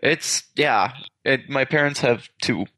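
A man's voice: medium pitch, slow, bright, forceful tone, no room sound. Man hosting a podcast, rambling. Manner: rambling, self-correcting. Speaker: podcast host. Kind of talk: casual chat.

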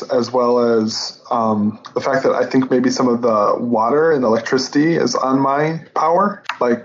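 Man co-hosting a podcast, meandering chat, lo-fi muffled sound, faint hiss. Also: medium pitch. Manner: chatty, meandering storyteller. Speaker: podcast co-host. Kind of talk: casual chat. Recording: dull lo-fi line with faint hiss.

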